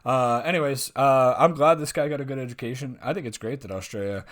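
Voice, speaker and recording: A man's voice: mid-range voice, fairly quick. A man hosting a reaction video, giving blunt, rambling opinions and swearing freely. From United States. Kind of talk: casual opinionated reaction commentary.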